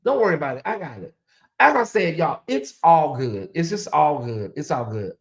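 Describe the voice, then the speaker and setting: A woman's voice: deep voice, very animated, normal speed. Woman, livestream host, casual commentary, rambling, repetitive, addressing chat. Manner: rambling, repeats phrases, talks to chat.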